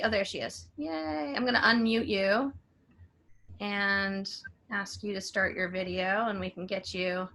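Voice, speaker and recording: Woman hosting a zoom panel, bright voice, mid pitch, chatty. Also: vocal fry. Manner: chatty, managing the call. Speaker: moderator. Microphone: video call.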